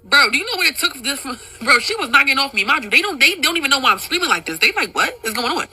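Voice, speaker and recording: A young woman telling a personal storytime to her viewers, animated and profane, laughing often. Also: sits high, low-quality recording. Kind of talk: casual storytime monologue.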